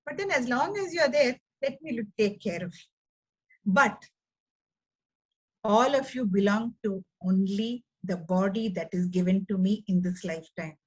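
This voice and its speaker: Older lady giving a pep talk, husky voice, a bit high, acts out the back-and-forth. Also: poor audio. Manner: animated storyteller, acts out dialogues. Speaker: special needs educator and counselor. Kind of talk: motivational talk.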